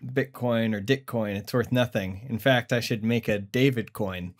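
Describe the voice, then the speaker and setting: A man's voice: mid-range voice, moderate pace. Wry joking male co-host. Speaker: podcast co-host. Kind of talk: conversational podcast banter.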